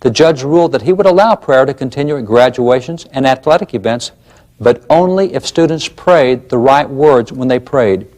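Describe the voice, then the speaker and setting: A man's voice: mid-range voice, lively intonation, normal speed, darkish tone. A man presenting a documentary lecture, emphatic and fond of rhetorical questions.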